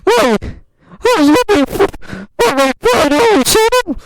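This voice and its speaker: A man's voice: wildly swooping pitch, slow pace, no echo, full character voice, rough recording. A man doing a squealing frightened girl. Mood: scared squeal. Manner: squealing falsetto shouts, breaking into laughter. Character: frightened young redheaded girl, shaky.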